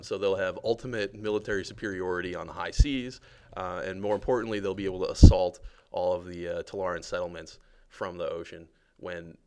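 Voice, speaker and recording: A man with a deep, gravelly voice gives a casual livestream tour of a game. He talks in a relaxed, joking way, full of fillers and asides to his viewers. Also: slight background noise. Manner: relaxed, chatty, lots of fillers and jokes.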